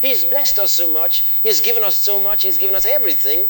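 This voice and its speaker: A man's voice: high-pitched, expressive, brisk, bright, forceful tone. A man preaching a sermon, repeatedly questioning the congregation and pressing his points with emphatic repetition. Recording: long hall reverb, faint noise.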